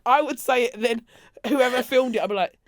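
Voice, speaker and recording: A woman, co-hosting a podcast and telling a story with lively acted-out quotes and frequent laughter. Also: on the high side, brisk, no echo, clean studio sound. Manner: animated storytelling, acts out quotes, laughs often. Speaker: podcast co-host. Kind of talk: casual chat.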